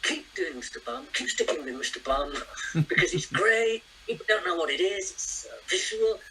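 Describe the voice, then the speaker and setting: Guy doing a drawly laid-back rockstar voice, bright and playful. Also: high-pitched, animated, normal speed, slight background noise, poor audio. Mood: mock-cool. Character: laid-back male rock star impression.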